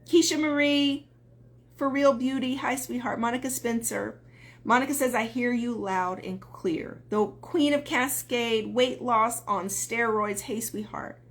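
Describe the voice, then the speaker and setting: A woman's voice: fairly high pitch, unhurried. A woman dating coach talking on a live stream, earnest and emphatic, greeting viewers as they join.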